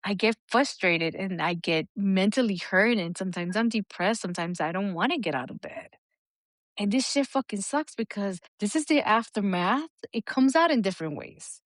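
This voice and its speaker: A woman co-hosting a casual podcast, her pitch sitting mid-range for a woman. She talks candidly and swears freely, jumping high and animated when she mimics others. The sound is dry and close, with no room around it. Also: moderate pace, no room sound. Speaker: podcast co-host.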